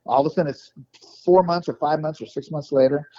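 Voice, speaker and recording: Guest musician, man with a highish voice, lively swearing storyteller, dry dull lo-fi sound. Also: fairly quick, dry recording. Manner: animated, profane, rambling with restarts. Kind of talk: casual storytelling interview.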